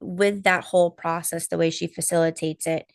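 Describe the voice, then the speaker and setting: A woman co-hosting a live stream, telling a personal story in casual chat, animated and full of fillers and quoted asides. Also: on the low side, moderate pace, creaky, dry recording, studio quality. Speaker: co-host of a spiritual healing live stream.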